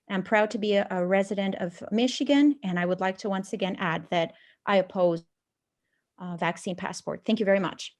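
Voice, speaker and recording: A woman from a former communist country giving a formal public comment at a meeting, pausing to search for words. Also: medium pitch, darkish tone.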